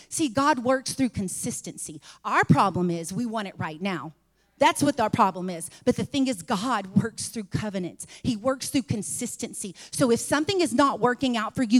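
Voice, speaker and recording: A woman's voice: fairly high pitch, expressive, normal speed. Fervent woman preaching in a reverberant hall. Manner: fervent, repetitive, rising to shouts. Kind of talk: sermon.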